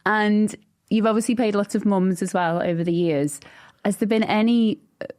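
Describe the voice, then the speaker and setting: A woman's voice: mid-range voice, moderate pace, a little mellow, smooth. A woman hosting a podcast, asking questions with enthusiasm. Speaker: podcast host. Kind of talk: podcast interview.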